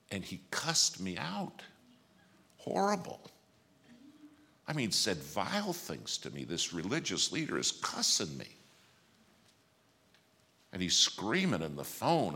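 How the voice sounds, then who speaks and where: Deep preacher guy, bright forceful voice, tells a story and acts out the lines, bit of noise behind. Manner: animated storyteller, acts out quoted dialogue, swings from loud to hushed. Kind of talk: sermon storytelling.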